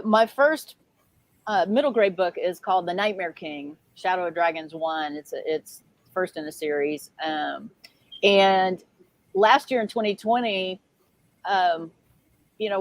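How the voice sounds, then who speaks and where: A woman's voice: on the low side, unhurried, darkish tone. A middle-aged woman, a children's author, chatting casually on a video call from a small RV, with lots of fillers and laughs. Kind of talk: casual livestream chat. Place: small RV with pets.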